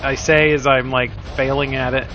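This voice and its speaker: A man's voice: mid-range voice, flat delivery, normal speed, pushed and bright. An older man hosting a let's play, giving rambling, self-deprecating casual commentary full of fillers. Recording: slightly dull lo-fi sound with faint music.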